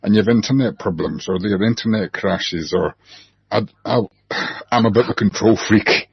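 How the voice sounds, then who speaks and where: Low husky man. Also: normal speed, dry recording. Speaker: therapist guest. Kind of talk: casual panel chat. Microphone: video call. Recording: dull online call audio.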